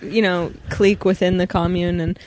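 A woman's voice: fairly low pitch, flat delivery, normal speed, a little mellow, a little hiss or hum. A woman guest on a podcast in casual chat, playful and rambling, giggling often.

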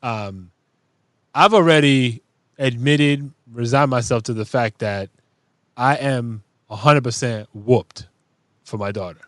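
A man's voice: takes it slowly, a bit bright, dry recording. A man hosting a casual podcast, drawing out his guests with questions and swearing freely. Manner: conversational, drops to a low mutter, swears casually. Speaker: podcast host. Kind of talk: casual chat.

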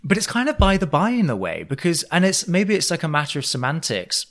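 A man's voice: a little high, sing-song, brisk, a bit bright. A man co-hosting a podcast in casual chat, analysing at length in long winding sentences. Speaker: podcast co-host.

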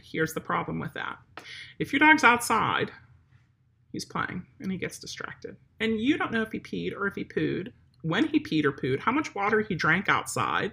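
Bright-voiced woman dog trainer. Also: on the high side, creaky. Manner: direct, chatty, talks straight to the viewer. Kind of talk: instructional talk.

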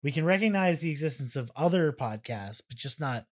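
A man's voice: fairly high pitch, lively intonation, a little fast. Rambling man on a casual podcast. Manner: rambling, trailing off. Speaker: podcast co-host. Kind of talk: casual chat.

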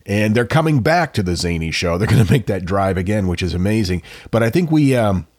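A man's voice: fairly low pitch, lively intonation, a little fast, darkish tone, dry recording, studio quality. A man co-hosting a podcast, casually telling a true-crime story with jokey asides. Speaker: podcast co-host.

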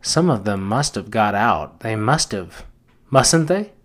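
A man's voice: lowish voice, expressive, takes it slowly. A man reading as an anxious chubby schoolboy. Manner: eager, chattering, worried questions.

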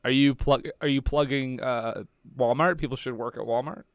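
A man in his thirties co-hosting a podcast in casual chat, playful with deadpan jokes. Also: mid-range voice, normal speed, dry recording, studio quality. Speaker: podcast co-host.

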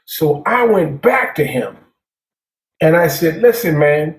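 An echoey room holds this man's stories as a jazz drummer being casually interviewed. His voice is on the high side, expressive and a little slow, and he rambles, repeats words and frequently says "man."

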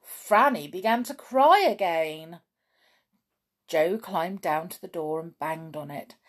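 A woman reading a children's book aloud, expressive, with chatty asides. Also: on the low side, slow pace. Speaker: storybook reader.

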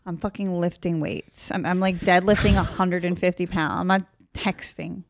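Blunt, deadpan young woman, dry close mic. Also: on the low side, moderate pace, dry recording. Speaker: podcast co-host. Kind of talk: casual chat. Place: apartment overlooking a river.

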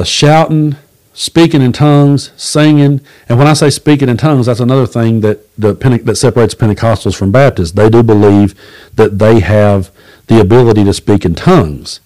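A medium-pitched man from Southeast Kentucky hosts a podcast where he delivers casual, plainspoken storytelling. Blunt and folksy, he swears readily and performs the voices of the people in his stories.

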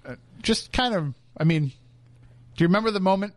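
A man's voice: high-pitched, expressive, moderate pace, no room sound. A man hosting a radio show from a studio, chatting casually with his co-host and laughing often. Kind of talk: casual on-air banter. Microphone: studio microphone.

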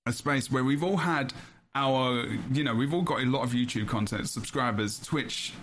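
A man hosting a casual podcast, talking in a halting, rambling way with many restarts, heartfelt and emotional. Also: mid-range voice, slight background noise. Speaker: podcast host.

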